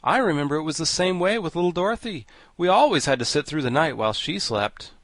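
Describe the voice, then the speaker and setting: Man voicing a gentle, thoughtful scarecrow king. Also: fairly high pitch, expressive, quick pace, no echo, pitched above the performer's own voice. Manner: kindly, reflective, soothing.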